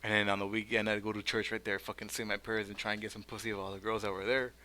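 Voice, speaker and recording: A young man tells stories fast on a casual podcast, full of slang and swearing. His voice is bright and edgy, and he shouts mocking quotes of other people. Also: on the low side, level tone. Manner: profane slangy storytelling with loud mocking quotes. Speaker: podcast co-host. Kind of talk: casual storytelling chat.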